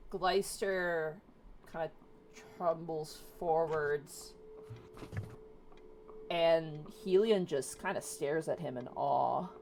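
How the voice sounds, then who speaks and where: Slow low-voiced woman telling a tabletop game, bit of hiss behind her. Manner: soft, unhurried narration with character voices. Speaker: dungeon master.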